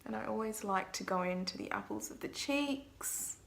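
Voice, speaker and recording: A woman's voice: medium pitch, normal speed, creaky. A young woman, a makeup artist, chatting to viewers through a makeup tutorial vlog in a self-mocking way.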